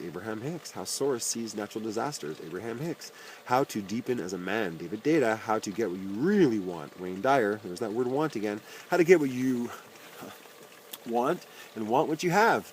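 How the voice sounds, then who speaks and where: A man's voice: medium pitch, lively intonation, moderate pace, slight background noise, low-quality recording. A man reading aloud a long list of self-help titles and their authors, with dry, wry asides and his voice dropping on each name.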